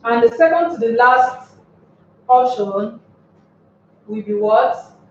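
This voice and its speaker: A woman teacher explains at a very slow pace, often repeating herself and posing questions to the class. Her voice is fairly high and sounds distant from the mic. The recording is dull, with heavy room echo. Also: expressive, a little hiss or hum. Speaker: English teacher.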